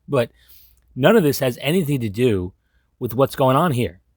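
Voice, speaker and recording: Man, husky, sarcastic, profane, casual commentary, dry close recording. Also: medium pitch, darkish tone, no room sound. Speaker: commentary host.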